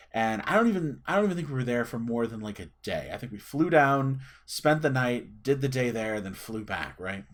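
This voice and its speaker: A man in his thirties chatting and telling a personal story as a channel host, rambling with fillers and restarts. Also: medium pitch. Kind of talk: casual storytelling to camera.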